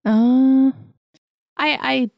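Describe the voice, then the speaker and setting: A woman playing a tabletop game who speaks in a hesitant, halting way. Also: sits high, steady tone, creaky, dry recording, lo-fi sound. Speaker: player. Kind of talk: casual tabletop play.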